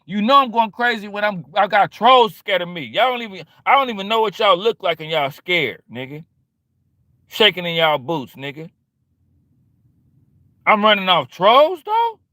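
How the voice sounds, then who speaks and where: A man's voice: high-pitched, animated, normal speed, sharp tone, no echo, studio quality. A man hosting a livestream, talking back to his chat in a confrontational, repetitive and slangy way. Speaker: livestream host.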